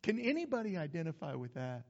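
A man's voice: fairly high pitch, very animated, fast talker. A male pastor preaching a sermon in a church, emphatic and calling out to the congregation. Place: church sanctuary. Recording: echoey hall, dull lo-fi sound.

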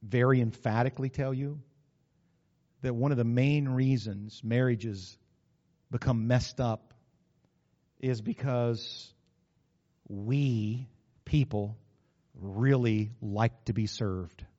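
A middle-aged man preaching a sermon as pastor, animated, acting out quotes with sudden loud bursts. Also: medium pitch, slow pace, long pauses. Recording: muffled recording in a reverberant hall.

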